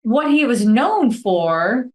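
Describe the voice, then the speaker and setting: A woman co-hosting a podcast, talking in a lively, chatty way over a video call. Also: a little high, slow pace, reverberant. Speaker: podcast co-host. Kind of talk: casual podcast conversation.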